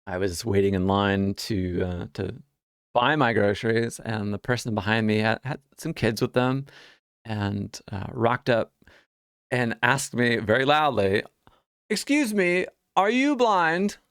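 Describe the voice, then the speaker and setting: A man with a gravelly, fry-tinged voice tells everyday stories in a relaxed vlog monologue. He sounds wry and amused, stumbling over and repeating words as he talks. The sound is dry and close, with no room around it. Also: on the low side, unhurried, no room sound. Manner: chatty, many restarts and repeated words. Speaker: vlogger sharing life stories. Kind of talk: casual storytelling monologue.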